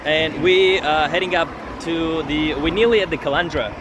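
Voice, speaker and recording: A man, filming a relaxed travel vlog outdoors on a beach with a handheld phone, chatting and swearing mildly. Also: on the high side, moderate pace. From Uzbekistan. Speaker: vlogger touring with his father. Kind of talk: casual travel vlog narration. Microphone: handheld phone camera. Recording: noisy outdoor phone recording.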